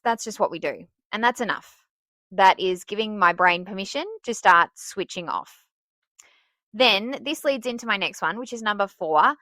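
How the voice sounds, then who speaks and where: A woman's voice: mid-range voice, no echo. A woman hosting a podcast for teachers, giving casual advice in a chatty way and laughing at herself. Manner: chatty and self-laughing, with bursts of excitement.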